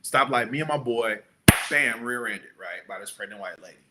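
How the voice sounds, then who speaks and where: A man's voice: normal speed, heavy background noise. A middle-aged man, a guest entrepreneur, telling stories in a casual interview and acting out the people he quotes. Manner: animated, acts out quotes with big pitch jumps.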